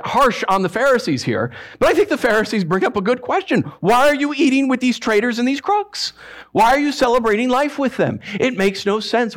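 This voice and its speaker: A male pastor giving a conversational sermon, telling stories with self-mocking asides and dropping into quiet, earnest emphasis. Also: sits high.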